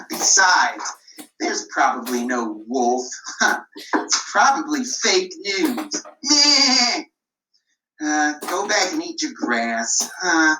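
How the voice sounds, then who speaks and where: Woman puppeteer as a whiny bored shepherd boy, slow drawl, echoey room. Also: sits low, pushed and bright, a little hiss or hum, heavily acted. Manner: whiny, sighing, drawn-out complaints. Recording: roomy, mic at a distance.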